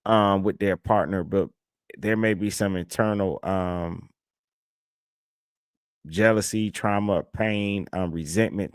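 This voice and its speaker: A man's voice: fairly low pitch, no room sound, clean studio sound. Blunt, laughing man reacting to a clip. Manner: blunt, incredulous, laughs often. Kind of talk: casual reaction commentary.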